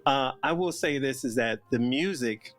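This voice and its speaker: A man talking on a podcast in a playful, jokey way, with a voice of middle pitch. He tells his stories with animated energy and often jumps into silly voices. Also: normal speed, soft background music. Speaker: podcast guest. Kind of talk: casual chat.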